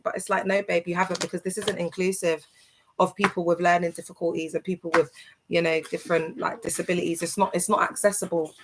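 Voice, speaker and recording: A woman hosting a casual livestream. She talks in an animated, emphatic way, circling back on her own points and greeting viewers by name. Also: lowish voice, slight background noise, rough recording. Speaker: livestream host.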